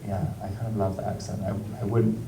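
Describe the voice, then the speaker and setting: Man, British accent, low mellow voice, halting with fillers, roomy distant hall sound. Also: level tone, slight background noise. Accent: British English. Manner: halting, rambling, lots of fillers and restarts, laughs often. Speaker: actor, festival guest. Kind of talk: on-stage Q&A conversation. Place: festival stage in a large room.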